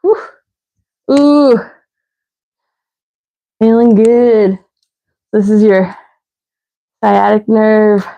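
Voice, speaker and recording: Woman fitness instructor, winded, counting reps, unhurried delivery, soft dark tone. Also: mid-range voice, steady tone, low-quality recording. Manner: counting reps, breathy and winded between cues. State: out of breath. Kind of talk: live workout instruction.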